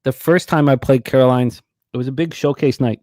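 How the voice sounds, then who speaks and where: A man's voice: medium pitch, fairly even intonation, brisk, darkish tone, dry recording. A man hosting a sports betting radio show, rambling through stats and comedy club stories. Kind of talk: casual sports betting talk.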